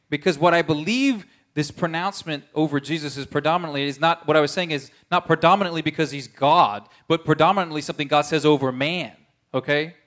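A man's voice: fairly high pitch, a bit bright. A man preaching a conversational sermon, earnest, often checking in with his listeners.

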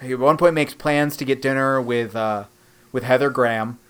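A man's voice: normal speed, smooth. A man co-hosting a casual comedic podcast, retelling scenes from a show and acting out the characters with big leaps in his voice. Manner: animated, acts out scenes with big pitch jumps. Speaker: podcast co-host. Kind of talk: casual comedic recap chat.

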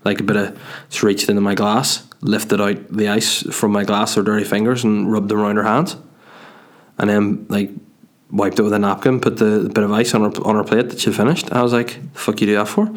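A man's voice: fairly low pitch, flat delivery, a little fast. A man hosting his own podcast from his dining room, telling a profane, self-mocking, rambling story with stumbles and restarts. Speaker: podcast host and stand-up comedian. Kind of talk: casual solo podcast storytelling.

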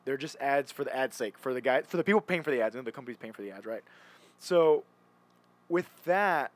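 A man's voice: mid-range voice, animated, a little fast, no room sound. A young man chatting casually, rambling and restarting often as he retells stories. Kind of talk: casual chat.

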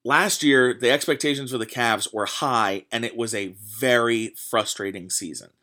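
His voice sits in the mid range, pushed and bright, moving at a moderate pace. He's a podcast host delivering a casual solo sports rant, working himself up with lots of swearing and filler words.

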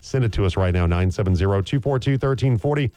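A man's voice: lowish voice, expressive, fast, warm tone, no echo, soft background music. A man hosting a sports radio show, chatting casually, repeating himself and laughing easily.

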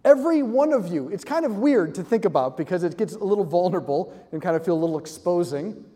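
Guy giving a jokey animated talk to a crowd, mellow voice, big echoey hall. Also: high voice, quick pace. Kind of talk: live talk to an audience. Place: large hall with audience.

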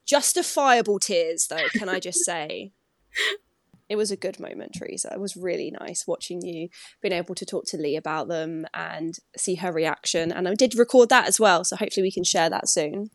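A woman's voice: lowish voice, normal speed, no room sound. Chatty Englishwoman with a dry sound. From England. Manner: chatty storyteller, laughs often. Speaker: podcast co-host. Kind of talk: casual chat.

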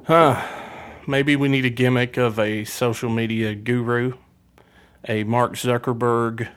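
A man's voice: medium pitch, fairly even intonation, measured pace, smooth. Joking podcast host, man. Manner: joking, rambling, playful trash talk. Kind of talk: casual wrestling podcast chat.

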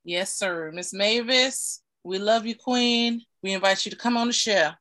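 A woman's voice: medium pitch, unhurried, fairly bright tone. Enthusiastic woman podcast co-host. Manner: enthusiastic, repeats words. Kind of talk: casual chat.

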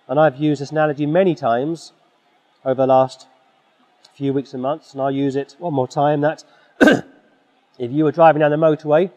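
Guy preaching hard, kinda high voice, long echo, muffled sound. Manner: forceful, exhorting, with frequent throat-clearing. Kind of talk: sermon. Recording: dull sound in a reverberant hall.

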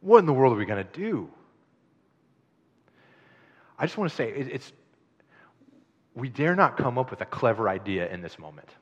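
A pastor giving a conversational, lively sermon, leaning into stories and throwing in chatty asides. His voice sits at an ordinary middle pitch, a little dull and lo-fi, and echoes with a long reverb through a large hall. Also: moderate pace, long pauses. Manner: conversational, animated storytelling with asides.

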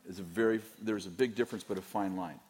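A man's voice: sits low, steady tone, fast, a little mellow. A middle-aged man, a pastor, talking candidly in a Q&A with a rambling, teasing manner and frequent restarts. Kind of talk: candid Q&A talk to a church audience.

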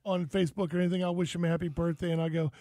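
High-voiced Texan man hosting radio. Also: rapid-fire, no room sound. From Texas. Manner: storytelling, animated, laughs often. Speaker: radio show host. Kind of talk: casual radio chat.

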